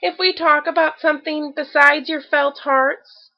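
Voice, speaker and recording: A woman's voice: high-pitched, fairly even intonation, unhurried, vocal fry, highs cut off, pitched above the performer's own voice. A woman voicing a small, anxious young male kangaroo in a storybook, piping and polite. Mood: earnest.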